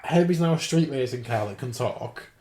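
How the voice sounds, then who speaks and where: A man's voice: medium pitch, animated, normal speed, dark tone. A man co-hosting a podcast, riffing in casual comedic chat. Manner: riffing, acts out silly quotes. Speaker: podcast co-host. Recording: roomy echo.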